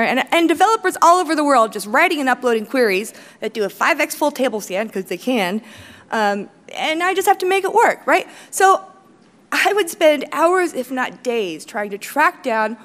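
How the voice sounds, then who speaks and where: A woman speaking on stage at a tech conference as a company chief, blunt and profane, with quick self-mocking asides. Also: on the high side, expressive. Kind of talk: live conference talk. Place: large conference hall stage.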